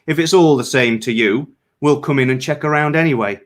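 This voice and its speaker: A cruel patrol soldier in a read-aloud story, sneering and swaggering, then stuttering in a raised, rushed voice, as a man reads him out. His pitch sits well above the reader's own and his words tumble out quickly. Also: lightly acted. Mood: menacing. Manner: sneering, then stammering and frantic. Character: arrogant male patrol soldier turned panicked. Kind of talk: reading fiction aloud.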